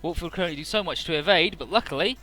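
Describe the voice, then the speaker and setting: A chatty man recaps a game's plot in a relaxed let's-play style, peppering it with fillers. His voice sits a bit high and sounds bright and sharp. Quiet game music runs behind him. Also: rapid-fire. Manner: chatty, fills with "uh" and "he's like". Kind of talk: casual game story recap.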